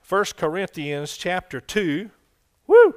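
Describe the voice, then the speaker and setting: Exuberant preacher, raised pitch. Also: male voice, normal speed, music in the background. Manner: exuberant, bursts of shouted exclamations. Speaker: pastor. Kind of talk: sermon.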